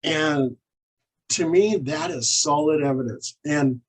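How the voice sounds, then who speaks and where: Husky, animated man telling ghost stories. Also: on the high side, slow, poor audio. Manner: animated anecdotes, acts out quoted dialogue. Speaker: paranormal investigator and author, guest. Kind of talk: storytelling in an interview.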